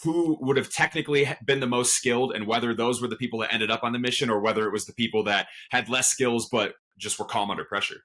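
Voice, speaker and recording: A man's voice: medium pitch, fast talker, few pauses, sharp tone. A man speaking as a podcast guest in casual chat, sharing reflective, earnest opinions.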